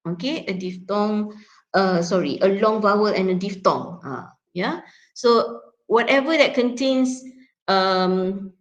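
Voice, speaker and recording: A woman's voice: medium pitch, poor audio. A woman lecturer with a Malaysian accent teaching a class, explaining step by step and often checking in with "yeah?". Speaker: university lecturer.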